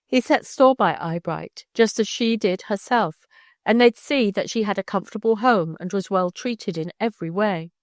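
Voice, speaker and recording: Calm woman audiobook narrator. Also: medium pitch, no room sound, clean studio sound. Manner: calm, measured reading.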